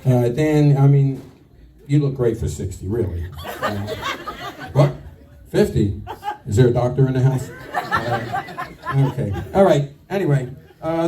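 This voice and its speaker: A man giving a crude, self-deprecating roast speech at a party, with halting fillers. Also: mid-range voice, animated, darkish tone. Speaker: retirement roast speaker. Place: banquet room with a crowd. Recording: distant mic, noisy room. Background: crowd laughter and chatter.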